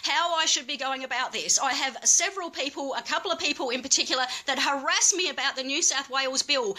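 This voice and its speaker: A woman's voice: high-pitched, a little fast, hardly any pauses, sharp tone. A woman speaking as a cannabis activist, making an angry, emphatic plea and repeating her points with swearing. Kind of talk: impassioned plea.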